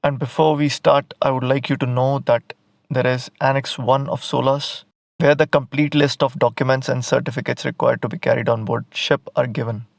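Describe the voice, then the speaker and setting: A man's voice: medium pitch, steady tone, normal speed, vocal fry, no room sound. A man teaching an exam prep lesson, explaining step by step and telling a story to help students memorize a list.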